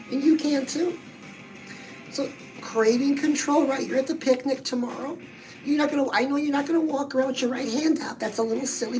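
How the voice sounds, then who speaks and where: This upbeat motivational vlog features a high-pitched woman addressing listeners directly about fitness and losing weight. She's bubbly and talkative, and the recording is of poor quality.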